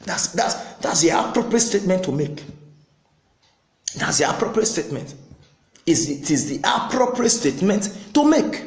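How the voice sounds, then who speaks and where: A man's voice: high-pitched, big pitch swings, unhurried, echoey room, rough recording. A man preaching a sermon as pastor, emphatic, repeating phrases and acting out quotes.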